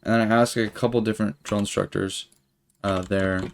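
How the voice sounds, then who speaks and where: A young man in his twenties tells a rambling, profanity-laced story while he streams a game. His voice sits low with a gravelly rasp. Faint keyboard clicks can be heard under his talk. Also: steady tone, brisk, a little hiss or hum. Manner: rambling, profane, filler-heavy. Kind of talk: casual storytelling while gaming.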